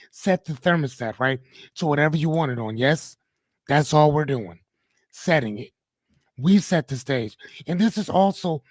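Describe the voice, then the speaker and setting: A middle-aged man with a slightly higher voice hosts a live motivational podcast. He lectures his listeners bluntly, swears casually and keeps asking them to respond. The sound is close and dry, with no room around it. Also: a little mellow, no room sound. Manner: preachy, blunt, addresses audience directly, swears casually. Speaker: podcast host.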